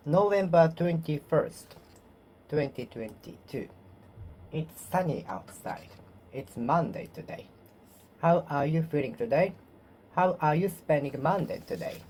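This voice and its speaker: A woman with a low voice practices English alone in a self-study monologue. Her first language is Japanese. She talks slowly, repeats words and corrects herself, over a faint hiss. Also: warm tone. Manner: slow, repetitive, self-correcting practice speech.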